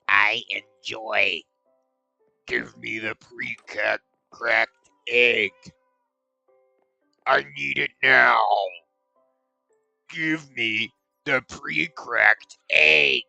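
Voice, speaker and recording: A man putting on a made-up, vaguely French accent to voice an eccentric man obsessed with eggs, with a slow, savoring, theatrical delivery. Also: mid-range voice, creaky, pushed and bright, dry recording, full character voice, rough recording.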